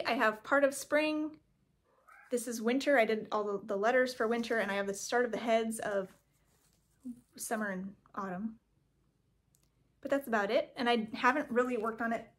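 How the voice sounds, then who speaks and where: A woman vlogging about her cross stitch projects at home, chatty and rambling, correcting herself with frequent ums. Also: on the high side. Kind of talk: casual show-and-tell vlog. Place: home craft room.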